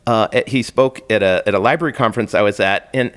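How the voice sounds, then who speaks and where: A man's voice: fairly low pitch, quick pace. A middle-aged man, a blind filmmaker, telling a story in an interview with laughs and acted-out voices. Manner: lively, laughing, acts out voices in stories. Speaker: guest, blind filmmaker and author.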